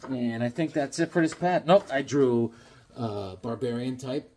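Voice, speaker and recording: A man's voice: medium pitch, a little slow, darkish tone, a little hiss or hum. A man casually chatting to camera, rambling in an easygoing way as he shows his comics and sketches. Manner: rambling, easygoing, chuckling asides. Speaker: comics collector showing his drawings.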